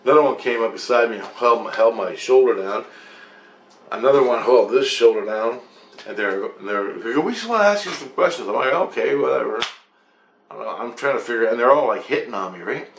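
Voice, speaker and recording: A man's voice: mid-range voice, fairly quick. A man recounting a strange dream in a rambling, repetitive way, swearing freely as he tells it. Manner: repetitive, profane, excitable retelling. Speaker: dream storyteller. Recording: roomy echo with faint ambient noise.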